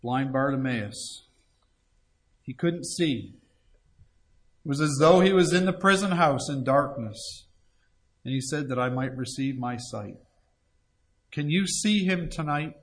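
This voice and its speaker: A man's voice: medium pitch, lively intonation, a little slow, pauses often. A man preaching an evangelistic sermon, earnestly pleading and reading scripture aloud. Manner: earnest pleading, reads scripture aloud in old-fashioned wording.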